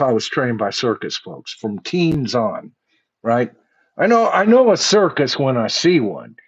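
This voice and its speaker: A man's voice: a little high, muffled recording. A man hosting a livestream. He rants bluntly and profanely and speaks to his viewers as "folks.". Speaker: host of a livestream show. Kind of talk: livestream commentary rant.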